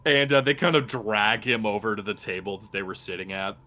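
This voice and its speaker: A man narrating as dungeon master in a casual, halting way with many fillers. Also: on the low side, bright, forceful tone. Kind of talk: narrating a tabletop game.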